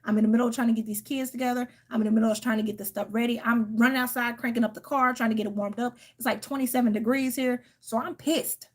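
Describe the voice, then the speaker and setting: A tarot reader who hosts her own channel vents to viewers in a heated, profane story, quoting her own outbursts as she goes. Tired and irritated, she speaks fast in a slightly high voice with few pauses.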